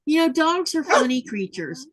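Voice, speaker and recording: A woman's voice: sits high, very animated, moderate pace. A woman hosting a casual sewing livestream, chatting and laughing often as she reads viewer comments aloud. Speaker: livestream host.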